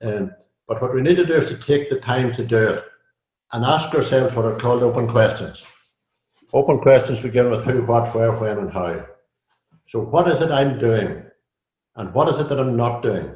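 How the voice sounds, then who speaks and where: A man's voice: mid-range voice, lively intonation, normal speed, a little mellow. An older man, a coach and guest, talks in a casual interview, chatty and repeating himself often. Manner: chatty, repeats himself, many "you know"s. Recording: roomy echo.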